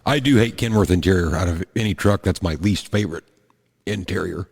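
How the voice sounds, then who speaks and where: A man's voice: sits low, fairly quick, a little mellow, slightly rough. A man co-hosting a casual podcast chat, blunt and profane with a wry edge. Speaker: podcast co-host. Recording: long hall reverb.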